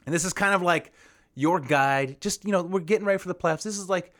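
A man co-hosting a casual sports podcast, talking quickly, repeating himself and laughing often. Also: high voice, fairly bright tone. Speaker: podcast co-host.

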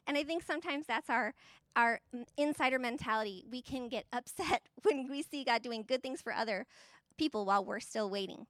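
A woman's voice: on the high side, brisk, fairly bright tone, no room sound. A woman giving a casual Bible lesson, chatty and conversational, with fillers, tag questions and light laughs. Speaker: Bible teacher.

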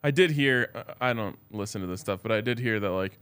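A man co-hosting a sports podcast, giving animated opinions with quick asides. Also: fairly low pitch, clear, resonant tone. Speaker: podcast co-host. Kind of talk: casual sports podcast chat.

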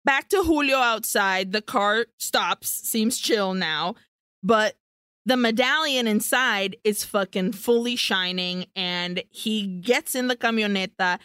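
A woman's voice: mid-range voice, slow pace, sharp tone, clean tone, dry recording, clean studio sound. A woman co-hosting a podcast, casually recapping a film scene by scene and swearing freely. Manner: swears freely, breezy storytelling. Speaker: podcast co-host.

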